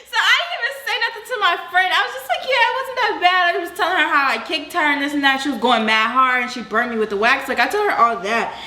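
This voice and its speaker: A young woman tells a storytime vlog in a high, bright voice. She talks in an animated, slangy, exclamatory way. Her voice rings in an echoey room. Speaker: vlogger.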